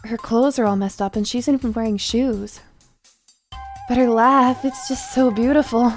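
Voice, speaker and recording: A woman's voice: a little high, fairly even intonation, normal speed, faint music behind, lightly acted. A woman voicing a shy, earnest boy gravekeeper in a game, speaking a little awkwardly.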